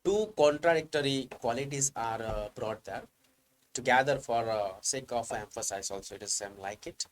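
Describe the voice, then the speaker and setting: A man teaching English grammar from slides, explaining step by step, asking himself "what happened here" and reading examples out slowly. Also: mid-range voice, a little hiss or hum, rough recording. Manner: reads examples slowly, stressing key words. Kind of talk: slide-based grammar lecture.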